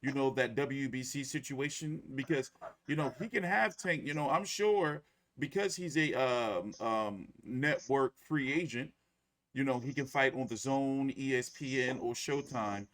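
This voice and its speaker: A man's voice: mid-range voice, unhurried, a bit bright. A man hosting a boxing podcast, rambling in casual chat. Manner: rambling, many fillers and restarts.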